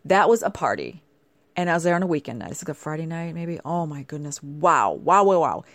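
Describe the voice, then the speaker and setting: A woman's voice: sits low, a little fast, dry recording. A woman hosting her own show, telling stories in casual, chatty asides. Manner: chatty, animated storytelling with playful asides. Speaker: show host. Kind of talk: casual chat.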